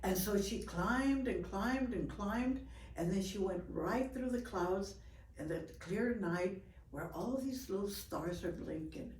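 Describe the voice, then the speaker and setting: An older woman telling a folk story in a lively, expressive way, with gasps for effect. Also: medium pitch. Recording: roomy, from far off.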